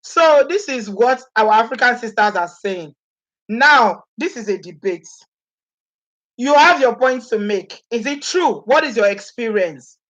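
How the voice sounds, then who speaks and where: A woman's voice: medium pitch, highs cut off. A woman from Nigeria with a Nigerian accent, chatting animatedly to her viewers, laughing often and acting out what people say. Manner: animated, laughing often, acts out quoted speech. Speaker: vlogger. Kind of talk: casual chat to live viewers.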